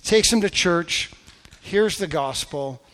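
A man preaches to his congregation with a slightly high voice, telling stories earnestly and dropping to a soft intensity before praying fervently. His words ring through a large church hall with a long echo. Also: animated, slow. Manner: storytelling, earnest, drops to soft intensity and rises in fervent prayer. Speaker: pastor. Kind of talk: sermon.

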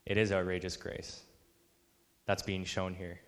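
A man's voice: low-pitched, completely flat delivery, a little slow, fairly bright tone, big-room sound. A man preaching a sermon, earnest, acting out the voices of the people he quotes. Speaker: pastor.

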